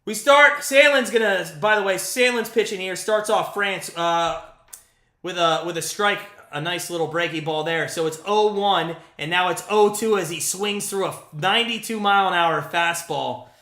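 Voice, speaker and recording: A man in his late thirties doing live fan play-by-play, excitable and out of breath, swinging between hyped calls and grumbling. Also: high voice, normal speed, roomy sound. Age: 30s. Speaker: live stream play-by-play host.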